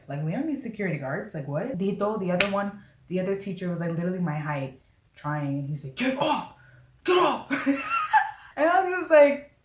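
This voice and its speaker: A woman vlogger casually telling a story, animated and laughing, acting out what people said. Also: on the low side, distant mic. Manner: animated, laughing, acts out quotes with "I was like". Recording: roomy echo, voice away from mic.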